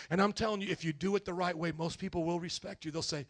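A man preaching a sermon as pastor, acting out quoted dialogue and building to loud emphatic peaks in a church. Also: sits high, fast talker, few pauses. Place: church sanctuary.

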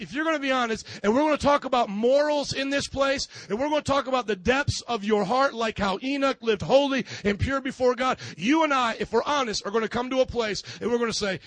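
A man's voice: very high voice, fairly quick, few pauses, fairly bright tone, no echo. A man who is a pastor, preaching a sermon with emphatic rhetorical questions and acted-out scenes.

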